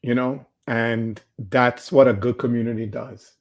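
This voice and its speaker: A man's voice: medium pitch, fairly even intonation, measured pace. An older retired man hosting a casual livestream chat, heartfelt and rambling, with frequent restarts. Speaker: livestream host.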